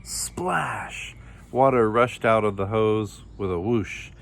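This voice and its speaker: A man reading a children's picture book aloud in a plain, steady storytelling manner. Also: fairly low pitch, measured pace. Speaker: storybook reader.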